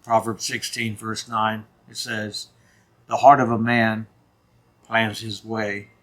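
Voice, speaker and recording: A man's voice: lowish voice, level tone, slow, a bit bright. A man in his fifties telling a personal story on his vlog in an earnest, emphatic way. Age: 50s. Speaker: channel host.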